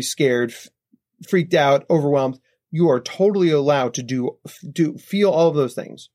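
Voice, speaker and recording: A man's voice: on the high side, darkish tone, dry recording. Man explaining on a podcast, dry sound. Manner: explanatory, tags points with "right?". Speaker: psychologist guest. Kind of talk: podcast interview answers. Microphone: podcast microphone.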